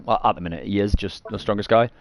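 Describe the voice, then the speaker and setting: A man with a lowish voice talks loosely through a gameplay tutorial, often restarting his sentences. He keeps coughing and clearing his throat between points, and a faint hiss of noise sits under his voice. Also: fast. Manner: rambling, self-correcting, frequent coughs and throat clearing. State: coughing after eating garlic. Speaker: gaming streamer.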